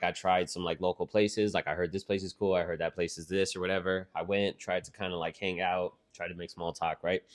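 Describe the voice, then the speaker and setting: A young man co-hosting a podcast, chatting casually and loosely, rambling and swearing now and then. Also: fairly low pitch. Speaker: podcast co-host. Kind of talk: casual chat.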